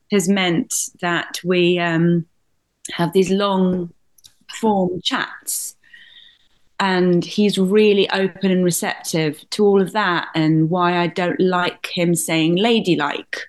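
A middle-aged woman from Britain, a comedian, telling personal stories in an animated, laughing way. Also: on the low side, slow. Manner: animated, laughing, swears mildly. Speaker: guest comedian and author. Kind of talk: candid storytelling in conversation.

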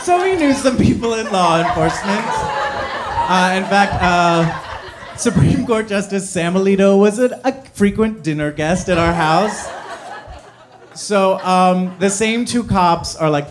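A man from New Jersey telling a personal story live, self-deprecating and halting with many fillers. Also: sits high, background noise.

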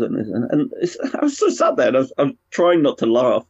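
A man, a brewer and pub owner, chatting frankly and rambling in a relaxed conversation. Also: medium pitch, brisk, husky, no echo. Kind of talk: casual conversation. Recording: dull lo-fi sound, dry.

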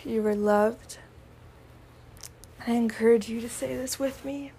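Woman, guided meditation, slow gentle voice, half-whispered, mellow and flat, spiritual affirmations. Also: on the high side, a little hiss or hum. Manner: slow, soft-spoken, drifting into whispers.

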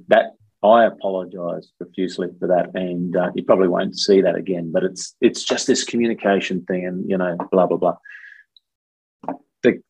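A man's voice: sits low, darkish tone, slightly rough, dry recording, muffled recording. A middle-aged Australian man telling long rambling anecdotes as an interview guest. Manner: rambling anecdotes with many fillers. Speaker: guest, former contestant. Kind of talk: casual storytelling interview.

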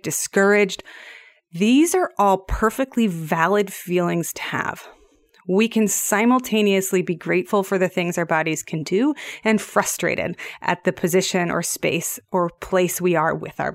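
A woman in her thirties hosts a reflective solo podcast, speaking gently and earnestly at a measured pace. Her voice sits at an ordinary pitch for a woman. The sound is close and dry, with no room echo. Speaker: podcast host.

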